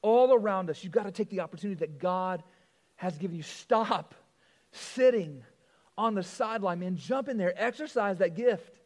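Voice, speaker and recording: A man delivers a sermon as pastor, his voice high and bright. He tells stories with animated swings between loud and near-whispered lines. The sound carries a long reverb. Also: normal speed.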